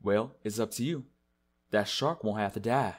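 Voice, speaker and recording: A man's voice: fairly low pitch, moderate pace, natural voice. A man voicing a smug, manipulative male villain who coaxes and mocks. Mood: coaxing. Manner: mocking, coaxing, laughing.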